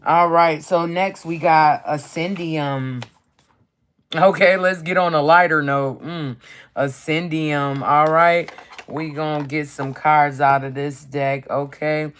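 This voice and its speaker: On a casual live stream, a card reader with a medium-pitched, slightly bright voice reads card keywords aloud as lists. The delivery is casual and profane, with frequent swearing and lines often tagged with "okay?"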